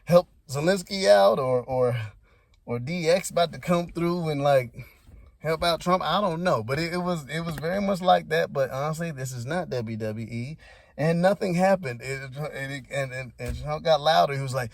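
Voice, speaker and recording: A man talking through the news in a loose, rambling, slangy way. His voice sits a little high with a gravelly fry running through it. It sounds like an unscripted vlog commentary. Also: moderate pace, no echo. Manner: rambling, laid-back, slangy. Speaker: commentary vlogger. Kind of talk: casual commentary.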